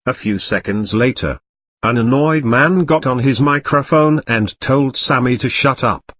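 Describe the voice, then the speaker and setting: A man narrating a scripted comedy story in a flat, matter-of-fact way. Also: medium pitch, a little slow.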